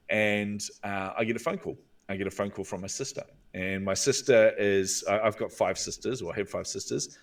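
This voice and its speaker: Low-voiced New Zealand man telling a story. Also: far from the mic. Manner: animated, acts out inner voices with drawn-out "hmm". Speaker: guest, visibility coach. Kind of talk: storytelling interview talk.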